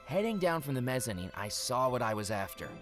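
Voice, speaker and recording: A man's voice: medium pitch, sing-song, brisk, music in the background, close to an everyday voice. An actor playing a wry male investigator who narrates a video game in a dry manner. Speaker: game character.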